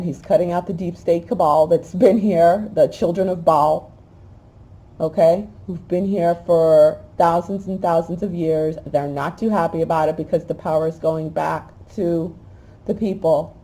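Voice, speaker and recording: A woman hosting a spiritual talk, reading a prayer aloud in an emotional, halting way. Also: lowish voice, fairly even intonation, mellow, poor audio. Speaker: host.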